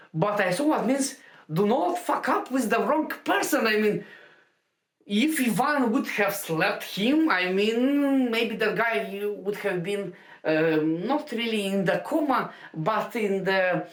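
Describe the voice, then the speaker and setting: Slow, halting woman in a roomy space. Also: medium pitch. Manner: halting, many fillers and restarts. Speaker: stand-up comedian. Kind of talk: casual anecdotal storytelling. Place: home room. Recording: roomy home recording.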